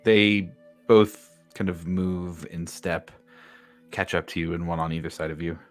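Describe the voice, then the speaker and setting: A man's voice: deep voice, flat delivery, unhurried, faint music behind. A man narrating a tabletop game as the game master, in a laid-back way with fillers.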